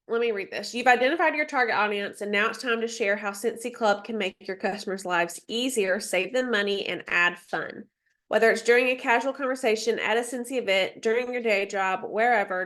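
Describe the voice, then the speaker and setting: On a video call, a stuffy-nosed woman whose voice is a little high and a bit bright coaches a sales team. It's a casual training where she reads her slides aloud, chatty and peppered with ums and asides.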